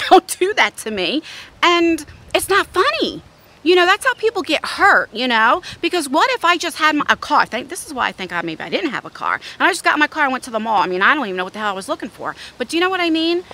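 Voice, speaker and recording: A woman's voice: high-pitched, big pitch swings, very fast, hardly any pauses, bright, forceful tone. A middle-aged woman vlogger telling a story in a casual, blunt way, with some swearing.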